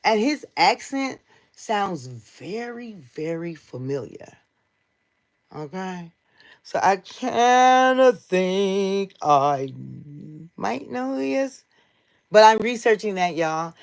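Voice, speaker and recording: A woman's voice: mid-range voice, very animated, slow. An American woman hosting a casual livestream, talking straight to her viewers in a blunt, heated and profane way. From United States. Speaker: livestream host.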